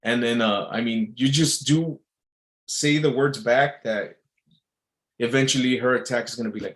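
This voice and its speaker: A man's voice: medium pitch, normal speed, a bit bright. Rambling man in a casual monologue. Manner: rambling, many fillers and restarts. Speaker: entertainer.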